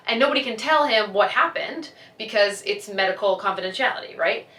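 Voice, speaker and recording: A woman's voice: medium pitch, animated, a little fast, pushed and bright. A young woman, chatting casually and gushing as she retells a film, acting out the lines. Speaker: vlogger. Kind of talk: casual chat. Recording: echoey room, a bit far from the mic.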